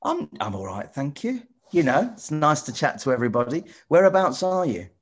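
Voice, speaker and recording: A man presenter chatting with children in a casual video call, rambling and restarting often, gentle and encouraging. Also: fairly high pitch, very animated, a little fast, breathy edge. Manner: rambling, stop-start, many repeated "you know". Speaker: TV presenter answering children's questions.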